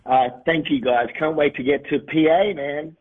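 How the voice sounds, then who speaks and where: A man with an Australian accent softened by years in America, a touring musician rambling easily through a phone interview. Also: a little high, fairly even intonation, normal speed. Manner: rambling, restarts often, laughs easily. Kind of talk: phone interview, thinking aloud. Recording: tinny phone line, husky.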